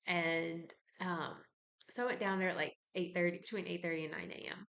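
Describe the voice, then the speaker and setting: A woman's voice: on the low side, steady tone, fairly quick, gravelly, fairly bright tone. A woman who works as a spiritual practitioner, talking casually and meanderingly about spiritual ideas to her viewers, with lots of fillers and side tracks. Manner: meandering, with many fillers and digressions. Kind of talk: casual spiritual musing to camera.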